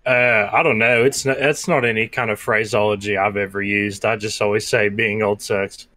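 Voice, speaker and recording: A man in his twenties co-hosts a podcast, answering in a slightly low, bright voice. He talks hesitantly, with plenty of fillers. The recording is dry and close. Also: steady tone, moderate pace, no echo. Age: 20s. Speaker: podcast co-host. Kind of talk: casual podcast chat.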